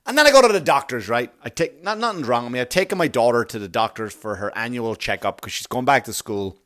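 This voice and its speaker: A man's voice: medium pitch, animated, quick pace, a bit bright. A man, a father, hosting a podcast and ranting alone in a sarcastic, exasperated way, swearing constantly. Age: adult father. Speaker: podcast host. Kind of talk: profane ranting monologue.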